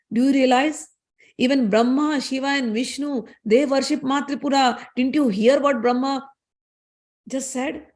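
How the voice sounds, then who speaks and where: A woman's voice: sits high, natural voice. A woman voicing a wise male guru who pleads for forgiveness and scolds the gods.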